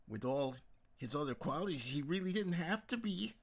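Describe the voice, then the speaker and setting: A breathless, gushing young woman in love, voiced high by a man reading an audiobook. The husky, creaky grain of the performer's voice stays under the lifted pitch. She rushes and swoops through her lines. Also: lively intonation. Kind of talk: audiobook character voice.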